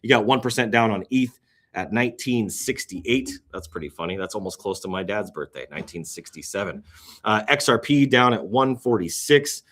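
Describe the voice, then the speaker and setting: A man hosting a casual crypto show, talking through market charts on screen, flipping from low muttering to sudden loud exclamations and an occasional yawn. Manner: excitable, swings between muttering and sudden exclamations; yawning, drawn-out sighs.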